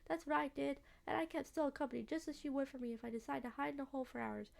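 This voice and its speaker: A cheerful young woman who hunts cryptids for her channel, read by a woman playing a game. She chats along breezily in a high voice with a gravelly edge. The telling stays light and quick. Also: fairly even intonation, a little mellow. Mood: chatty. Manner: chatty, breezy storytelling.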